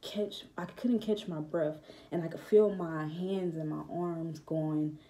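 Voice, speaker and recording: A young woman speaks in a low, even voice, and her tone is very dark. She tells a personal testimony to the camera, hesitant and reflective, with many pauses and fillers. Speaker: vlogger.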